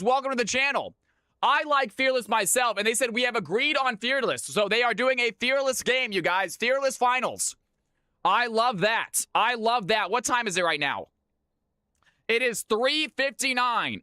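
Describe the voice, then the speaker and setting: A man's voice: very high voice, bright, forceful tone, clear, resonant tone, dry recording, clean studio sound. A man hosting and casting a live game stream, chatty and hyped, laughing often as he talks to viewers. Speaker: stream host and caster. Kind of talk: casual live-stream chat.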